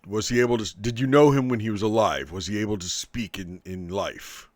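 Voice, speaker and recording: A creepy old abbot in a tabletop game, fussy and clinical as he studies a body, as a man puts him on. His voice is low and dry. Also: fairly quick, dry recording, lightly acted. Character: creepy male abbot examining a corpse.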